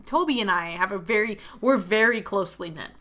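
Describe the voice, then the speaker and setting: A woman's voice: mid-range voice, expressive, fairly quick, fairly bright tone. A young woman talking casually as she plays through a visual novel, chatty and rambling with lots of filler words. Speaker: video game streamer. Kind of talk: casual playthrough commentary.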